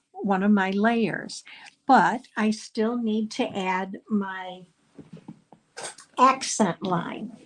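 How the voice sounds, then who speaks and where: A middle-aged woman leading a live card-making class, explaining each step in a chatty way with frequent ums. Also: medium pitch. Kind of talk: live crafting class demonstration.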